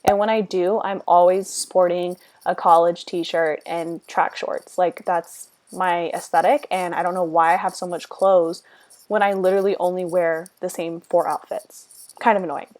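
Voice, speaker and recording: A woman's voice: fairly low pitch, little pitch movement, normal speed, darkish tone, no room sound. Sassy, breathless young woman. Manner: sassy, rambling, chatty with slang. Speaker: vlogger. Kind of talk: casual voiceover chat. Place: her room.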